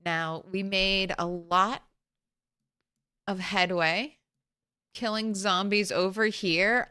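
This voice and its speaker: A woman's voice: medium pitch, expressive, slow pace, long pauses, sharp tone, clear, resonant tone, dry recording, clean studio sound. A woman game streamer chatting casually from home, greeting viewers by name and laughing often.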